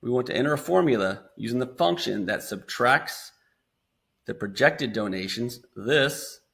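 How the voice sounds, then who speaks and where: A man with an American accent casually talking students through a screen-recorded software tutorial step by step. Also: medium pitch, lively intonation, measured pace, creaky. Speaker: instructor.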